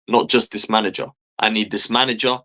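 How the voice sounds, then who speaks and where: A man's voice: fairly low pitch, steady tone, a little fast, pushed and bright. A man, delivering an exasperated, profanity-heavy fan rant as a football streamer, hammering his points home by repeating phrases. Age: 30s.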